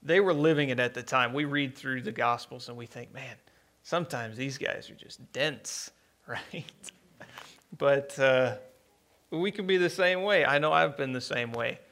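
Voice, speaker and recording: A man preaching a conversational sermon, plainspoken and unhurried, with many pauses and restarts. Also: mid-range voice, fairly bright tone.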